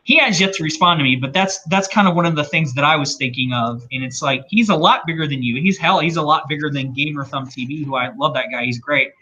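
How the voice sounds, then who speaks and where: A man's voice: a little high, quick pace, hardly any pauses, bright, forceful tone, a little hiss or hum. A man co-hosting a casual livestream, ranting in a rambling, opinionated way. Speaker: co-host.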